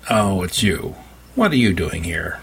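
A man's voice: low voice, very animated, a little slow, creaky, a bit bright, a little hiss or hum, heavily acted. A man voicing a smug male vampire cult prophet who preaches grandly in an audiobook. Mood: grandiose. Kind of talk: audiobook character voice.

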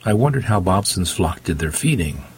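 A male narrator reads a first-person story with a dry, wry touch. His voice is deep and strongly husky. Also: very animated, moderate pace. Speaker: audiobook narrator.

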